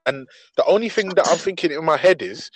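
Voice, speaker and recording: A man chatting excitably and swearing on a video call. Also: fairly high pitch, brisk, rough recording. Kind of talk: casual chat.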